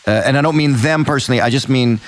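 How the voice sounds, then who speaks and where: A middle-aged man from Canada hosting a podcast and asking questions in a casual, conversational way. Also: medium pitch. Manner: conversational, quick asides. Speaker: podcast host. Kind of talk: casual interview chat.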